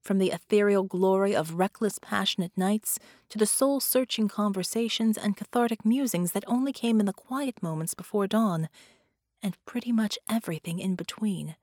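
A woman narrating a dramatic superhero audiobook in a measured, storytelling manner. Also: mid-range voice, darkish tone, no room sound, clean studio sound.

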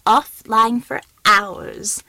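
A woman's voice: on the high side, steady tone, extremely slow, sharp tone, no room sound, heavily acted. A woman voicing a sneering, inhuman male shapeshifter villain with a wet, whispery voice in an audiobook. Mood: triumphant. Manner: contemptuous, taunting.

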